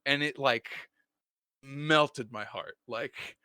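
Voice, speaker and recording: A man's voice: mid-range voice, drawn-out words, clean tone, dry recording, clean studio sound. A man co-hosting a comics podcast in casual chat, telling stories and acting out quotes with a raised voice. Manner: animated storytelling, acts out quotes with raised voice. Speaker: podcast co-host, comic writer.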